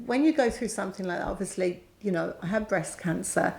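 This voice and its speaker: A woman's voice: mid-range voice, a little fast, gravelly, a little mellow. Candid middle-aged Englishwoman telling a story. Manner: candid, storytelling, acts out quoted voices. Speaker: co-host. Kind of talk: casual chat.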